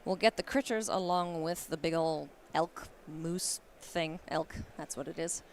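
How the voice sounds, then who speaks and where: A woman doing live card game commentary at a tournament, playful and quick to laugh. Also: slight background noise. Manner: playful, laughs often, animated swings in pitch. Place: convention hall.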